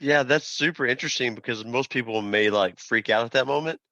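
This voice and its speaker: A man's voice: medium pitch, brisk, bright, forceful tone, dry recording. A man hosting an interview, encouraging his guest and asking follow-up questions. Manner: encouraging, frequent affirmations. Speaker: podcast host. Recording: dull, slightly muffled dry sound.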